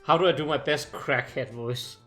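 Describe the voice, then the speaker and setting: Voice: mid-range voice, normal speed, a bit bright, faint music behind. A streamer reading game lines and cracking goofy jokes with laughing, swearing asides.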